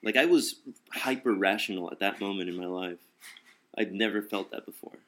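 A young man in casual talk, telling a story. He is animated, acts out quotes and swears freely. His voice sounds bright and tense. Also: sits low, normal speed.

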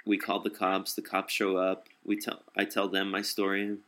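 A young man telling a personal story in casual talk, blunt and profane, often halting and restarting. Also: sits low, completely flat delivery, pushed and bright, a little hiss or hum. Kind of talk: casual spoken anecdote.

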